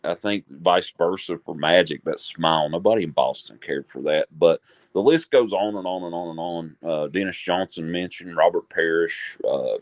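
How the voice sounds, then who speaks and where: Deep-voiced male sports podcast host. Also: normal speed, dry recording. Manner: rambling storyteller, frequent fillers. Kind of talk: casual sports podcast chat.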